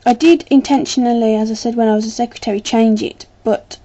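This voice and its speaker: A woman's voice: a little high, fairly even intonation, brisk, warm tone. Rambling British woman on a dull webcam. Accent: British English. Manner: rambling, chatty, lots of ums. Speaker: vlogger. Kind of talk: casual chat to camera.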